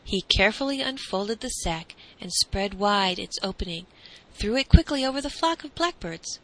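A woman narrating a classic storybook in a calm, measured reading. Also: medium pitch, rough recording.

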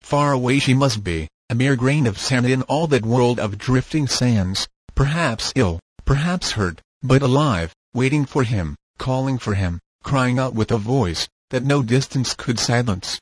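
A man narrating an audiobook in a steady, measured reading voice. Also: medium pitch, breathy edge, no room sound.

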